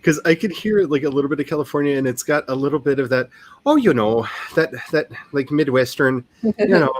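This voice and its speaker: A woman with a Southern US accent, an author chatting casually on a writing livestream, animated and self-mocking. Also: low-pitched, fairly quick, no room sound.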